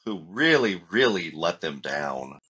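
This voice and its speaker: Low-voiced man co-host, halting. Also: sing-song, pushed and bright, husky. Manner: halting, repeats words while reflecting. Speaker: podcast co-host. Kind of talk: casual chat.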